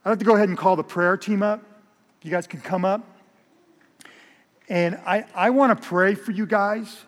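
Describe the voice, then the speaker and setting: A male pastor preaching a sermon in a large church hall, telling a story in an animated way and often repeating words. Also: high voice, normal speed. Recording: long reverb of a large hall.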